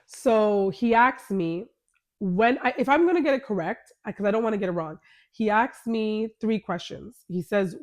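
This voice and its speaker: A woman's voice: medium pitch, animated, moderate pace, a little mellow. A woman hosting her podcast, candidly telling a personal story in a conversational way and retelling the dialogue. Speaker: podcast host.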